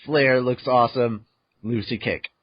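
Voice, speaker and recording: A man's voice: mid-range voice, fairly even intonation, measured pace, slightly rough, no echo, dull audio. A man hosting a podcast who recaps a manga chapter in casual chat, acting out his own reactions and swearing freely. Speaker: podcast host.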